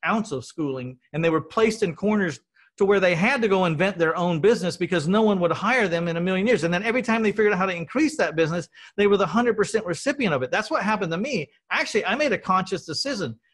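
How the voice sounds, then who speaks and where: A middle-aged man from Texas talks through his story in casual conversation. He sounds earnest and a little rambling, and he restarts his sentences as he goes. His voice sits slightly high for a man. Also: animated, quick pace, fairly bright tone. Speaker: podcast host telling his story.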